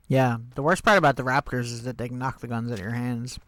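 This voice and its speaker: A man streaming a game talks it through in a relaxed, chatty way, thinking aloud and dropping wry, sarcastic asides. His voice sits at an ordinary mid pitch. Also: dry recording, studio quality. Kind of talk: casual gameplay commentary.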